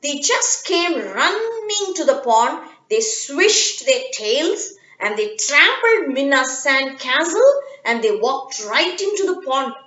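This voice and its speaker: A woman reading a children's story in an expressive, dramatic way. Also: high-pitched, slow. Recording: echoey, dull lo-fi room.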